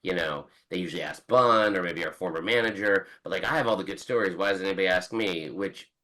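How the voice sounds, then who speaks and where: A man's voice: deep voice, quick pace, bright, forceful tone, rough recording. A man in his forties, a book's author, chatting as a guest on a podcast in a rambling way with many restarts and quoted asides. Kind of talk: casual podcast interview.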